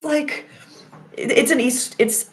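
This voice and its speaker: A young woman with a Boston accent hosting a casual astrology chat, rambling and animated as she tells stories and answers viewers. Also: high voice, takes it slowly. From Massachusetts. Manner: rambling, animated storytelling with loud acted outbursts. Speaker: livestream host reading chat.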